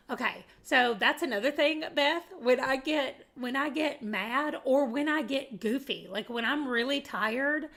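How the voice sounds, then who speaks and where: A chatty woman from southeastern Arkansas, talking in a Southern US accent. Her voice is bright and a touch high, and she rambles along in casual talk to camera, laughing easily and calling her viewers y'all. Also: measured pace, hardly any pauses. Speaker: booktuber.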